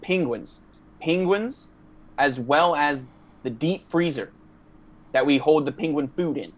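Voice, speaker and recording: A man improvising as a male zookeeper who calmly admits torturing penguins, with a put-on accent slipping from Russian into German. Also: fairly high pitch, measured pace, lightly acted. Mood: sly. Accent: put-on Russian sliding into German. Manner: matter-of-fact, hesitant menace. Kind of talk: improv comedy scene.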